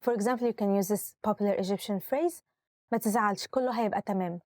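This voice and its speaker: A woman's voice: medium pitch, rapid-fire, darkish tone, no room sound, clean studio sound. A woman hosting a vocabulary lesson in an upbeat, instructive way. She says each word, repeats it, and gives its translation, switching between Arabic and English. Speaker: language teacher and host.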